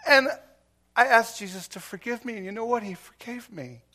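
A man preaching a sermon as pastor, moving from quiet, intimate stretches to loud, emphatic passages, with anecdotes and light self-deprecating asides. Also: very high voice, moderate pace.

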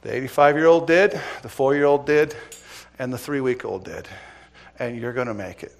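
A middle-aged man preaching a sermon, telling a police story with dramatic swings from loud to hushed. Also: medium pitch, normal speed. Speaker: preacher, former police officer.

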